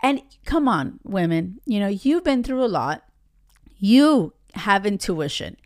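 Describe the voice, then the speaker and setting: Blunt, lively woman giving dating advice. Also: medium pitch, slow. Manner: blunt, emphatic, swears freely, talks straight to listeners. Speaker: podcast host.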